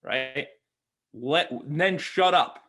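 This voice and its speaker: A man's voice: on the high side, drawn-out words, sharp tone. A man coaching real estate agents in a conversational way, acting out little dialogues with clients. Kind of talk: sales coaching talk.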